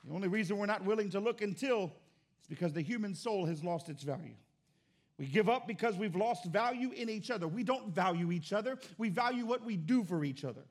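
A man preaching a sermon as pastor, fervent, moving between quiet and loud. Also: high-pitched, animated, fairly quick. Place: church.

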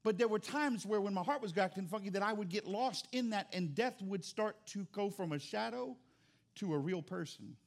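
A middle-aged man preaching a sermon as pastor, with dynamic delivery that swings from quiet to loud. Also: sits high, lively intonation, moderate pace, creaky.

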